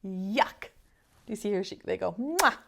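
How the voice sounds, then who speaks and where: A young adult woman, a preschool teacher, reading a picture book aloud to small children with an animated, expressive manner. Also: medium pitch, normal speed, vocal fry.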